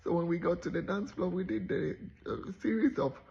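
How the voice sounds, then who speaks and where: Gravelly woman telling a story. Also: lowish voice, fairly quick, lo-fi sound, a little hiss or hum. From Nigeria. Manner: animated, acts out the voices of people in her story. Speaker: motivational speaker. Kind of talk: motivational storytelling.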